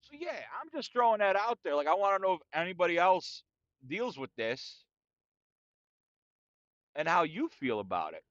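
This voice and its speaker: A man with a fairly high, bright, forceful voice rants on a casual solo podcast, swinging his pitch widely as he boasts. He talks crudely and profanely and keeps dropping "dude". The sound is dry and dull, as if from a lo-fi mic. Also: very animated, moderate pace, pauses often, dry recording. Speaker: podcast host.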